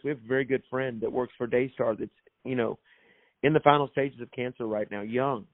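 A man's voice: mid-range voice, fairly quick. A man speaking as a guest with an emphatic, preacherly delivery, building his points by repeating phrases. His voice sits in an ordinary middle register. The sound is thin and phone-like, with no room echo at all. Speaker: author and minister. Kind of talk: guest telling a faith story in a preaching tone.

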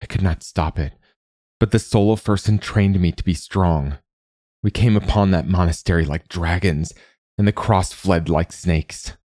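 A proud young warrior from a storybook, tense and defiant, with a deep, low-pitched voice that flares into shouts when angered, as a man puts him on. The sound is close and dry. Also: a little slow, no room sound. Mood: grim.

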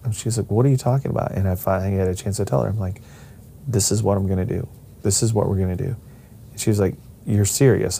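A man's voice: lowish voice, fairly even intonation, fast, creaky, dark tone, slight background noise. A middle-aged man telling a personal family story in a casual way, rambling with restarts and acting out the voices of the people he quotes.

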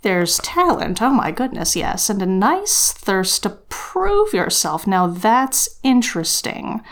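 A woman voicing a shrewd magic talking hat with a small, musing, drawn-out voice, reading it aloud from a book. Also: medium pitch, very animated.

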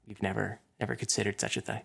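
A man's voice: on the low side, level tone, quick pace, creaky, fairly bright tone, husky. A man co-hosting a podcast in casual chat, rambling and self-deprecating, with a habit of slipping into silly voices. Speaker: podcast co-host.

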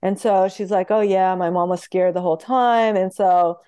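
A woman's voice: mid-range voice, smooth, dry recording. A woman guest, a homeopath, telling patient stories in an interview and acting out the voices of the people she quotes. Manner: lively, acts out quoted voices, quick laughs. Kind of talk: animated storytelling in interview.

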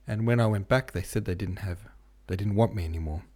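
A man's voice: lowish voice, brisk, dark tone, lightly acted. A man voicing a poor, sickly young woman in an audiobook, her lines sullen and tearfully pleading. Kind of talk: audiobook character voice.

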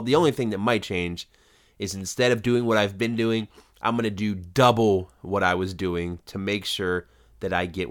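A man's voice: low-pitched, smooth. A man co-hosting a podcast, chatting casually and rambling a bit as he recaps a TV episode. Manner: relaxed, rambling with fillers. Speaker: podcast co-host.

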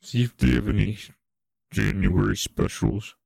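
A man's voice: on the low side, fairly even intonation, measured pace, gravelly, darkish tone, no echo. A man co-hosting a comedy talk show, riffing on absurd improvised bits. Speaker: comedy podcast co-host. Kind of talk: absurdist comedy radio chat.

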